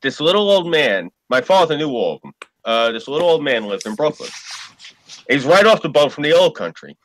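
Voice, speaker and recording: A man telling a story on a casual podcast, animated and profane. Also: fairly high pitch, a little fast, a little hiss or hum, low-quality recording. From New York. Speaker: podcast co-host.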